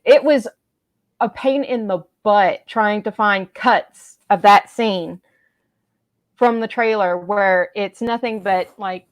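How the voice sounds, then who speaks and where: A woman with a fairly high voice tells a story in lively casual chat. She acts out the people she quotes. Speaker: live chat co-host.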